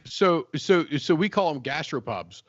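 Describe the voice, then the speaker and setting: A man's voice: fairly high pitch, animated, measured pace, fairly bright tone, dry recording, dull audio. A man from West Virginia co-hosting a casual podcast chat, rambling and repeating himself with frequent laughs. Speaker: podcast co-host.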